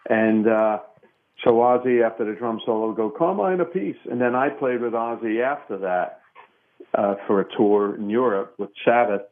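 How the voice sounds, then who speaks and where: A man in his sixties from Brooklyn, New York, telling relaxed, rambling stories as an interview guest, with plenty of fillers. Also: lowish voice, normal speed. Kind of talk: casual storytelling interview. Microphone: phone. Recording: tinny phone line.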